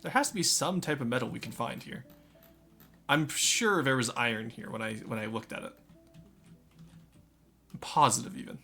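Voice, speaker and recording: A man's voice: mid-range voice, expressive, normal speed, gravelly, long pauses, bright, forceful tone, soft background music. A man streaming a game live, chatting and joking with his viewers while he plays. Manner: chatty, joking, talks to chat. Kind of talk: casual live game commentary.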